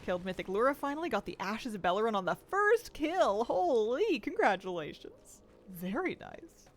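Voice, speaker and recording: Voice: mid-range voice, sing-song, moderate pace, a little hiss or hum. A streamer chatting casually at a home desk while gaming, reading out viewer messages and cooing at a pet cat in a playful baby voice. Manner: reads out and answers viewer chat.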